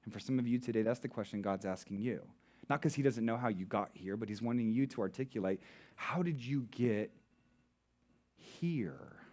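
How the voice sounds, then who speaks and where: A married man who preaches as a pastor, posing rhetorical questions and slowing down for emphasis. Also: lowish voice, a little mellow. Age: adult, married. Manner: rhetorical questions, dramatic slowing on key words. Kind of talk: sermon.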